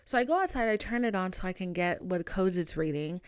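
A young woman hosts a podcast and tells a story from her own life in a brash, profane, dramatic way. Her voice is smooth and clear, with sudden swings in pitch and loudness. The sound is dry and close to the mic. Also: animated, a little fast, no echo. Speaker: podcast host. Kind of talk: casual storytelling monologue.

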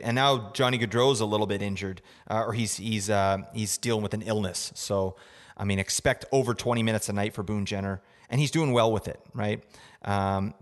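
Rambling man with a low voice. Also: big-room sound. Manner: rambling, filler-heavy, asks "right?" often. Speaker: podcast host. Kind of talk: casual fantasy hockey advice.

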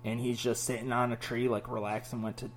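Profane, animated New storyteller man. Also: mid-range voice, a little fast, a little hiss or hum. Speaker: podcast host. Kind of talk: casual chat.

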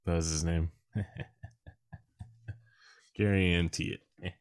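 A young man with a very low voice chatting loosely as a podcast co-host. His humor is dry and sarcastic, and the sound is close and dry with no room echo. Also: fairly even intonation, takes it slowly, smooth. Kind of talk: casual chat.

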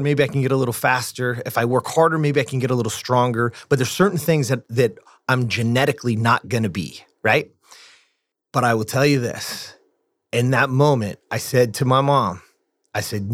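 A man's voice: mid-range voice, a bit bright, no room sound. A man guest on a podcast, telling a personal story in a casual, earnest way with frequent restarts.

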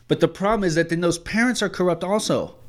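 A man's voice: high-pitched, fast. A man hosting a podcast, pushing back with friendly probing questions in a casual debate. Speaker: podcast host. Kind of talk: conversational debate.

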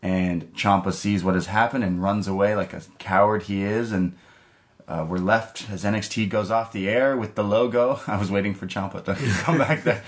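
A man co-hosts a podcast, recapping the week's wrestling in a loose, rambling way that is full of restarts and filler. His voice sits a little low. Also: steady tone, normal speed. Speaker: podcast co-host. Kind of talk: casual wrestling recap chat.

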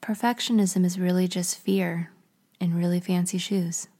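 A woman voicing Shame, a slumped, weary male figure who speaks low and confidingly, in a whispered story role-play. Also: fairly even intonation, normal speed, dark tone, lightly acted.

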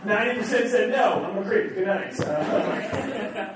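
A man from New England works a comedy club stage with a brash, crude delivery, trading jabs with hecklers. His voice sits high for a man. The set is recorded from a distance in an echoey room, with a crowd laughing loudly behind him. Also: lively intonation, measured pace, heavy background noise. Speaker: standup comedian. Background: audience laughter and heckling.

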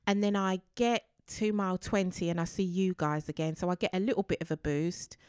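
A woman's voice: fairly low pitch, fairly quick, smooth, dry recording, studio quality. A woman chatting casually as a guest, telling her story with lots of life and acting out what people said. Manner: animated storyteller, acts out quoted voices. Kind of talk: casual chat.

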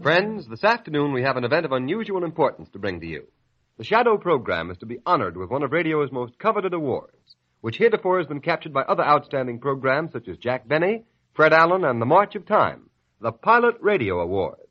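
Man, vintage radio announcer, lively formal delivery, dull old recording. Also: a little high, brisk.

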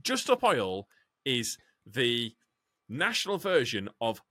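A man co-hosting a casual trucking podcast, animated, swearing freely and acting out quotes. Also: medium pitch, slow, dry recording, clean studio sound. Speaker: podcast co-host, truck driver.

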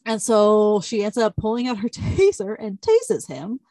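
A woman's voice: mid-range voice, big pitch swings, measured pace, warm tone, no room sound. Young woman, casual plot recap, rambly and filler-heavy, dry close sound. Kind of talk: casual chat.

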